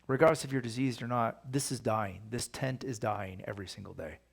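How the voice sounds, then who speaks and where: A man's voice: mid-range voice, brisk, creaky, husky. A man, a pastor, teaching a Bible study in a casual, conversational way, often asking his listeners rhetorical questions.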